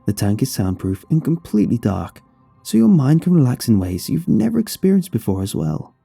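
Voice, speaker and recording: A man voicing a frail, warm old woman who works as a spa receptionist and speaks in a shaky, doting voice. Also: medium pitch, big pitch swings, fairly quick, creaky, husky, dry recording, faint music behind, exaggerated voice. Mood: sweet, doting. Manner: sweet, doting, calls listener honey.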